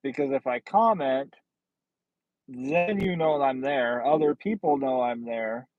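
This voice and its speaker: A man's voice: medium pitch, unhurried, dry recording, phone-quality sound. A man hosting a casual livestream, chatting with viewers in a blunt, sardonic, rambling way. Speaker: livestream host. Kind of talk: casual livestream chat reading comments.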